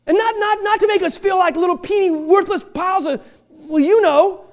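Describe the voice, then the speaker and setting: Middle-aged male pastor, high-pitched, preaches with fire and shouts, stammers over restarts. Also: normal speed. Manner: impassioned, repeatedly shouting; stammering restarts, self-deprecating humor. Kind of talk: sermon. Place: church, before a congregation.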